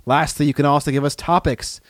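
A man's voice: on the high side, steady tone, fairly quick, no echo, studio quality. A man co-hosting a hobby podcast, chatting casually and joking, often trailing off into fillers. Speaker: podcast co-host. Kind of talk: casual chat.

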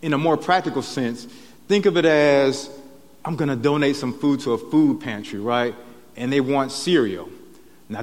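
A man preaching a sermon in a conversational way, often checking in with "right?". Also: fairly high pitch. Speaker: pastor. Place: church sanctuary. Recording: long reverb of a church hall.

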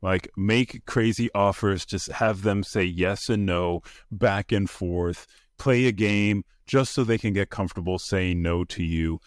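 Low-voiced guy chatting casually, animated, does little voices for quotes, dry close sound. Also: measured pace, few pauses, no room sound. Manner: animated, acts out quoted voices in a higher pitch; conversational with frequent fillers and restarts. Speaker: podcast co-host. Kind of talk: casual discussion.

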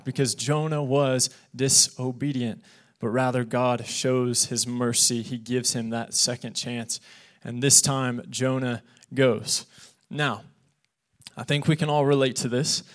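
Earnest man preaching a sermon. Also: medium pitch. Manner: earnest, animated preaching that acts out quoted voices. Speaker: youth pastor. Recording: podcast of a live church sermon.

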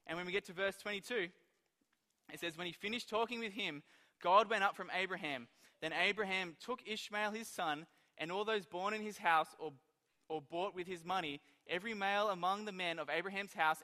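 A man preaching a sermon, telling stories in an animated way and acting out the quoted lines. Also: high-pitched, moderate pace, big-room sound.

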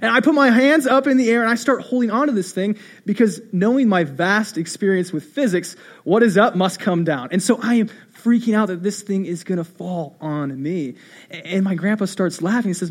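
A young man with a notably high voice preaches a sermon in a loose, conversational way. He circles back to the same key phrases and tells stories with self-deprecating humor. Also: brisk. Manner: animated storytelling, repeating phrases. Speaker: pastor.

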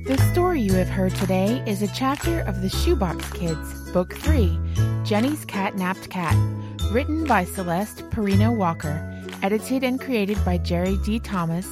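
A woman delivering a scripted podcast outro in a clear, measured voice. A bright, tinkling children's jingle plays clearly beneath her. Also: medium pitch, animated. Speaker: podcast announcer. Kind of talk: scripted closing announcement. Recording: music bed underneath. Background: light children's jingle music.

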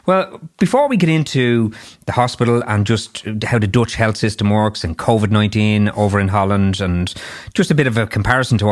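A man in his fifties with an Irish accent, hosting a podcast interview in a chatty, rambling way with many restarts and asides. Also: lowish voice. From Ireland. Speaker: podcast host. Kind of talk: casual interview chat.

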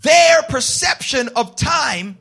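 A man preaching a sermon, calling on the congregation to answer and rising into shouted, passionate passages. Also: extremely high pitch, lively intonation, slow, soft background music. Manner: call-and-response with the congregation. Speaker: pastor.

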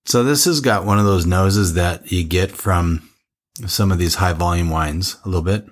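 A man's voice: low-pitched, normal speed. A man co-hosting a wine podcast, chatting casually and rambling with frequent restarts. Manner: rambling, self-interrupting. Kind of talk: casual chat.

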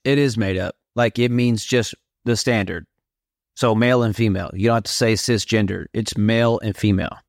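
A man's voice: on the low side, steady tone, brisk, gravelly, no room sound, studio quality. A man hosting a faith podcast, speaking in a blunt, preachy way while reacting to clips. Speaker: podcast host.

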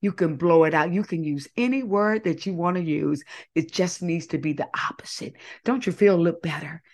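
A woman's voice: fairly low pitch, a little fast, darkish tone. A woman hosting an inspirational faith talk, coaxing listeners to repeat affirmations after her in call-and-response. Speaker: podcast host.

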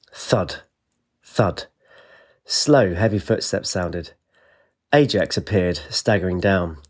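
A man, narrating an audiobook with steady storytelling. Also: fairly low pitch.

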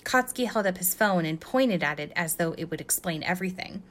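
Woman reading a story, expressive. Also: fairly low pitch, brisk. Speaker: guest reader. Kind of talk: reading fan fiction aloud.

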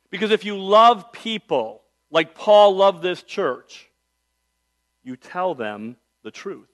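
Higher-voiced man preaching a sermon. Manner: conversational storytelling with wide swings in loudness. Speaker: pastor.

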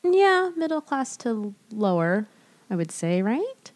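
A woman's voice: on the high side, very animated, slow pace. A woman in her thirties co-hosting a podcast, talking casually and enthusiastically with lots of "like". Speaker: podcast co-host. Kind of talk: casual chat. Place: traveling in an RV.

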